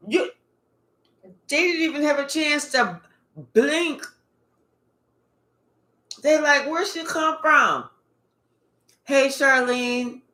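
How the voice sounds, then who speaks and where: A woman giving a casual tarot reading, animated and profane, with emphatic outbursts. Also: a little high, roomy sound. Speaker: tarot reader.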